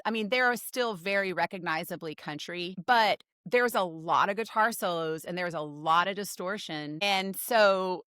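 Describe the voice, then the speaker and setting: A woman's voice: medium pitch, bright, forceful tone, smooth, no room sound, clean studio sound. A woman from Texas, a pop musician guest on a podcast, chatting casually and thinking aloud with many likes and restarts. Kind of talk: casual conversation.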